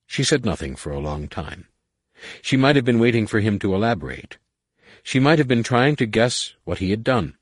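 A man narrating an audiobook in a steady, even storytelling manner. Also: sits low, breathy edge, no echo.

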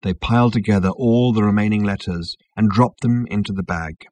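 Husky, wry male audiobook narrator. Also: lowish voice, brisk, no echo. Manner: wry, expressive storytelling. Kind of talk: scripted comic narration.

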